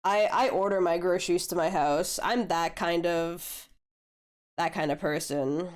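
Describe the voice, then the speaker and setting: A young woman talks through her drawing on a live stream, relaxed and laid-back, dropping swear words as she goes. Her voice sits a bit low and comes across smooth and clear, with a slight hoarseness left over from a flu. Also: measured pace. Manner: laid-back, swears casually, chats with viewers. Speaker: art streamer. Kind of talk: casual chat while drawing on stream.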